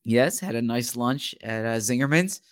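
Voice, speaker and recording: A man co-hosts a casual sports podcast and talks in a halting way, often restarting his sentences. He sounds close and dry, with no room sound. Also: medium pitch, expressive, dry recording. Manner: halting, many restarts and fillers. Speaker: podcast co-host, sports writer.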